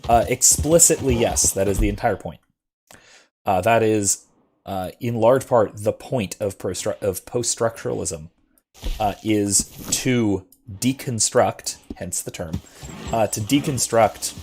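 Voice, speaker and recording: A man's voice: lowish voice, unhurried, noisy background. A man who is a philosophy professor, chatting casually and hesitantly while playing a game. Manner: rambling, hesitant, thoughtful. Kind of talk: casual chat while gaming.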